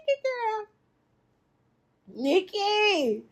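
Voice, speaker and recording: A woman recaps a show for her viewers in an easy conversational way, lively and quick to laugh. She talks to them directly, as if catching up with friends. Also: high voice. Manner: animated, laughs often, addresses viewers as y'all. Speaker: reality TV recap host. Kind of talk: casual reaction commentary.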